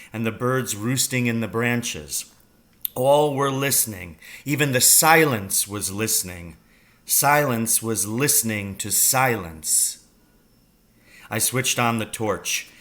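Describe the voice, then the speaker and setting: A man reads a children's novel aloud with slow, deliberate storytelling. His voice is bright, and his pitch sits in the middle range. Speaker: reader.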